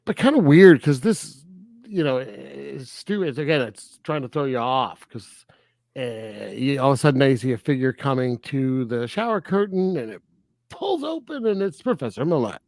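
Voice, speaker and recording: Animated man recapping a film. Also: mid-range voice, moderate pace, gravelly, no echo, studio quality. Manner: animated, recaps scenes with quoted asides and laughs. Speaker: podcast co-host. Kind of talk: casual film review chat.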